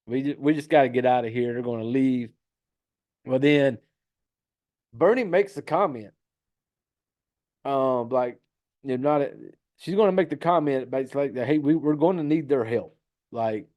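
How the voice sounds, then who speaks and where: A man's voice: a little high, dark tone. A man casually recapping a horror film plot, rambling and swearing freely, with frequent laughs. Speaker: podcast host recapping a film.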